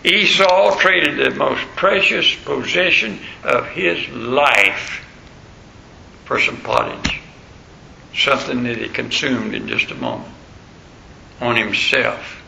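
A man's voice: medium pitch, very animated, slow pace, vocal fry, bright, forceful tone, highs cut off, a little hiss or hum. A man preaching a sermon as pastor, emphatic, repeating phrases for stress. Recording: roomy echo.

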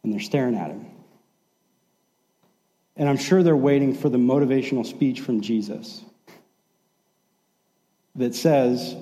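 Mellow-voiced man preaching in a hall. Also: mid-range voice, unhurried, long pauses. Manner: conversational storytelling, acts out quoted lines. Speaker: pastor. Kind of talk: sermon.

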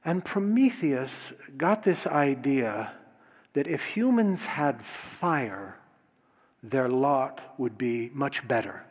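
A man telling a myth aloud, expressive with lively emphasis and frequent restarts. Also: mid-range voice, takes it slowly, breathy edge. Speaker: storyteller. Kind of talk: oral storytelling of myth. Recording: long hall reverb.

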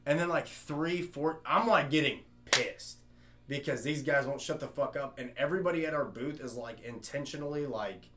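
A man's voice: on the high side, normal speed, noisy background. A young man with a Middle Tennessee accent, telling stories in casual podcast chat, rambling with lots of "like" and "dude" and frequent swearing.

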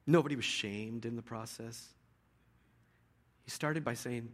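A man pastor giving a sermon in a relaxed storytelling way, with frequent restarts. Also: medium pitch, a little slow, pauses often.

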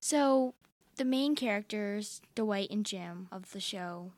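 A woman's voice: medium pitch, takes it slowly, darkish tone, no room sound. A teenage girl co-hosting a podcast, chatting casually and retelling a scene with quoted lines. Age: teens. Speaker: teen co-host.

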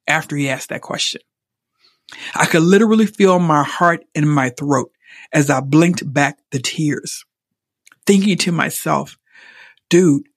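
A woman's voice: low voice, dry recording, studio quality. Earnest woman sharing a personal story. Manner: earnest, emotionally open, repeats words when moved. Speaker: podcast host. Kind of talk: personal reflective monologue.

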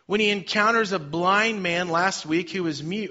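Bright-voiced man preaching a sermon. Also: sits high, moderate pace, lo-fi sound. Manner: dynamic preaching with sudden loud and soft swings. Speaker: pastor.

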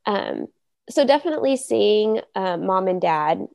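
A woman co-hosting a podcast in an earnest, chatty way, her voice dark and mellow with a gravelly fry. The sound is dry and close, with no room around it. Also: medium pitch, animated, unhurried, no echo. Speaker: doula podcast co-host. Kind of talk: casual podcast chat.

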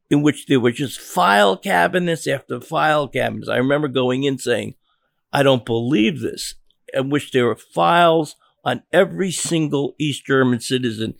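Older American male journalist, gravelly, halting storyteller, dry close mic. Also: medium pitch, no room sound. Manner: halting, repeats words and restarts. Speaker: journalist guest. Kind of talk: interview storytelling.

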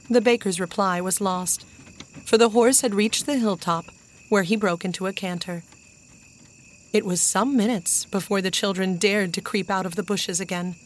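Storybook narrator, woman, measured and even-paced reading. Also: mid-range voice. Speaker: audiobook narrator.

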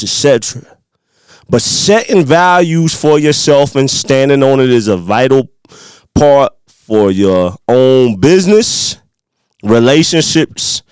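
Young Midwestern country-accented male podcast host, motivational, smooth clear voice. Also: medium pitch, no echo. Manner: hyped, preachy, talks to listeners as "y'all".

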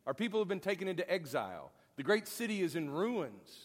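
A man's voice: high voice, sing-song, fairly quick. A man teaching a Bible lesson in a folksy, conversational, joking way. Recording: long hall reverb.

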